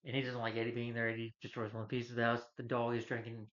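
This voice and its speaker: A man's voice: mid-range voice, monotone, fast, fairly bright tone, highs cut off. A man casually retelling a film's plot in a rambling way as a movie reviewer. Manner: rambling, acts out quotes from the film.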